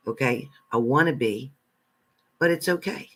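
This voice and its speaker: A man hosting a live stream as a spiritual reader, reading out viewer comments and answering them bluntly, swinging between loud outbursts and low muttered asides. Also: normal speed. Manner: blunt and confrontational, talking back to commenters.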